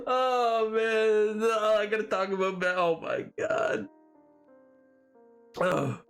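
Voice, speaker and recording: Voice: mid-range voice, steady tone, drawn-out words, long pauses, soft background music. A game streamer chatting live with viewers, giggling and breaking into laughing fits between lines. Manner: talking to chat.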